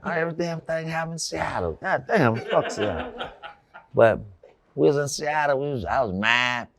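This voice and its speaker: A man's voice: a little high, lively intonation, normal speed, creaky, a crowd in the background. A man, a former basketball player, telling a profane, casual anecdote, cursing freely and acting out voices.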